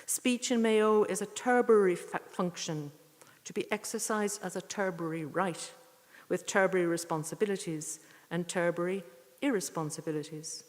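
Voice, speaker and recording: A woman giving a poetry reading with short spoken introductions, earnest and unhurried, with thoughtful pauses. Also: fairly low pitch. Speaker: poetry reader at a tribute evening. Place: church. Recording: echoey church hall.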